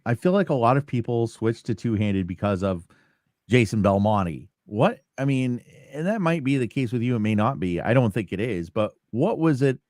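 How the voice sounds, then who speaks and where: A man's voice: mid-range voice, darkish tone, no echo, clean studio sound. A man hosting a podcast who asks long, roundabout questions in a casual tone. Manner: asks long questions that circle before landing. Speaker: podcast host.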